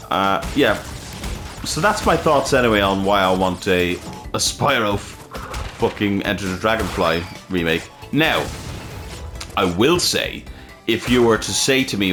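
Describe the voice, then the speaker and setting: A man's voice: low voice, sing-song, normal speed, long pauses, music in the background. A man hosting a let's play, chatting casually and swearing freely while he plays. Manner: rambling, swears freely, self-correcting. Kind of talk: casual gameplay commentary.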